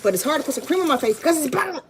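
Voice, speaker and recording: A woman's voice: high voice, very fast, a little hiss or hum. A woman from Florida, telling a rambling storytime to her viewers and calling them y'all. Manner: rambling, lively, addresses viewers as y'all, frequent restarts. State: tired. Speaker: vlogger. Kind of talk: casual storytime chat to viewers.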